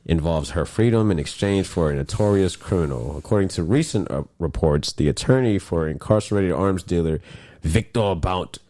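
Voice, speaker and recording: A young man with a very low, deep voice hosts a casual podcast. He rambles in loose, animated bursts and swears freely as he talks. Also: moderate pace, hardly any pauses. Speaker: podcast host. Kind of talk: casual chat.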